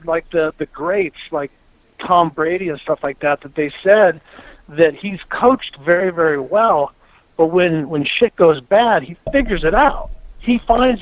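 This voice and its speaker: A man hosting a casual chat, telling animated stories and swearing freely. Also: high-pitched, dry recording, narrow, tinny audio. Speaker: podcast host, former racer.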